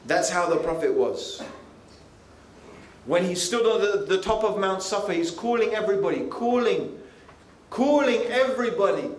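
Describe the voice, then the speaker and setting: High-voiced male preacher, animated and chatty; echoey hall. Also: moderate pace, long pauses. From United Kingdom. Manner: animated, conversational, frequent asides. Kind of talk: lively youth sermon. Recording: echoey hall, faint ambient noise.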